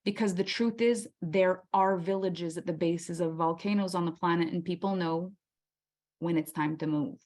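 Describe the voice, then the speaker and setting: A woman's voice: on the low side, fairly even intonation, moderate pace, a little mellow. Impassioned woman leading a masterclass. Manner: impassioned, rhetorical questions, acts out inner voices. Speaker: masterclass host. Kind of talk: motivational workshop talk.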